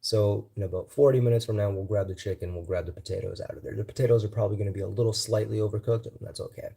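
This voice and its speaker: A man's voice: lowish voice, steady tone, racing, gravelly, mellow, husky. A man hosting a casual cooking livestream from his home kitchen, rambling and thinking aloud as he goes. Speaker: livestream host.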